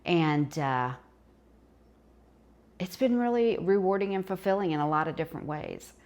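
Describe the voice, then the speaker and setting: Folksy older Southern woman, low voice. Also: moderate pace, darkish tone. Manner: chatty, folksy, talks while eating. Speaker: home cooking vlogger. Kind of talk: casual cooking demonstration.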